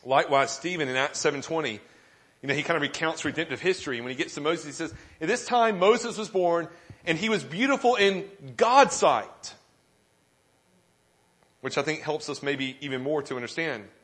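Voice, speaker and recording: A male pastor with a slightly higher-than-average, fairly bright voice tells a funny, self-deprecating story during a sermon. He speaks expressively at a moderate pace, animatedly acting out other people's lines.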